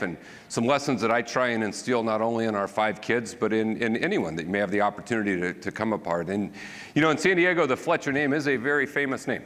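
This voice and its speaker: A man, a county supervisor giving an animated storytelling talk with self-deprecating humor. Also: medium pitch. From rural American South. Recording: reverberant hall.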